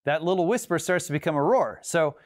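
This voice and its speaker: A man's voice: fairly high pitch, expressive, brisk. A man hosting an interview, asking long questions and stacking up fillers as he builds them. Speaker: show host. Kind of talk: conversational interview.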